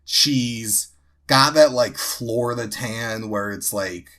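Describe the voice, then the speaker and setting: A man's voice: mid-range voice, slow, a bit bright. A young man from New Jersey, a podcast co-host, telling a story casually, with many fillers and restarts. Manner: rambling, full of fillers and restarts.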